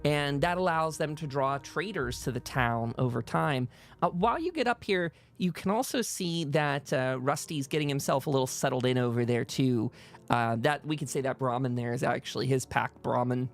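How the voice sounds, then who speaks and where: A man's voice: medium pitch, normal speed, creaky, faint music behind. A man narrating as game master of a tabletop game, rambling along with frequent fillers.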